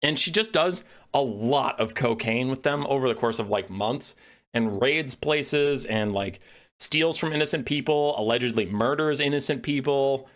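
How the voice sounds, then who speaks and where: A man giving an animated, profane and sarcastic lore rant as a video creator. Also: medium pitch, moderate pace.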